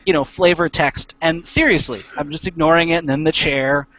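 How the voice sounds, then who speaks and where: Brief: a man with a slightly raised pitch, an animated chatty gamer, on a muffled line. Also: no room sound. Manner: animated storyteller, halting restarts. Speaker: tabletop game player. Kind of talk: casual chat among gamers.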